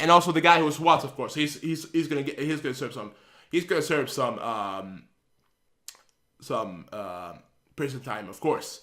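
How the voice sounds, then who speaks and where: A man's voice: a little high, animated, moderate pace, a bit bright. A man on his channel ranting heatedly, swearing and repeating himself as he vents. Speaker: channel host. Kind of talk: angry vlog rant.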